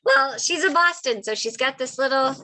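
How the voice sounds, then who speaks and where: A woman's voice: high voice, expressive, normal speed, crowd noise, low-quality recording. A woman hosting a casual online interview, chatty, with frequent ums and small laughs. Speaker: host.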